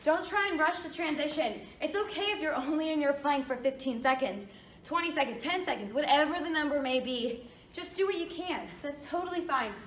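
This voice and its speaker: A woman's voice: high-pitched, expressive, brisk, slight background noise. A woman coaching a workout while out of breath, giving encouraging form cues. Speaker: fitness coach. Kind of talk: workout instruction. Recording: echoey room, mic at a distance.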